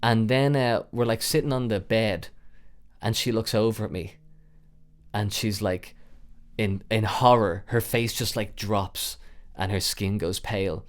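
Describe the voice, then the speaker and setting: A young man in his twenties hosting a podcast, telling a wild personal story casually, rambling with lots of fillers and swearing, getting loud and animated at the tense parts. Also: on the low side, unhurried. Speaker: podcast host.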